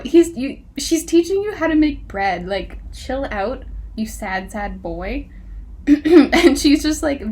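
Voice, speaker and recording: A woman with a fairly high voice talks through a book review in a loose, chatty way. She keeps breaking into laughter and exasperated sarcastic remarks, and she reads passages aloud with mocking emphasis. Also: sing-song, takes it slowly, a little mellow, husky. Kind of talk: casual book review vlog.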